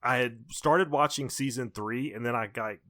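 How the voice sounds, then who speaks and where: A man's voice: mid-range voice, normal speed, a bit bright, dry recording, studio quality. A man hosting a podcast in upbeat, casual, self-mocking chat. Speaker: podcast host.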